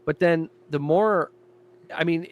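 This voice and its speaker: A man in casual podcast chat, describing his own show in an animated way. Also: fairly high pitch, slow, highs cut off. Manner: animated, jumping into character voices.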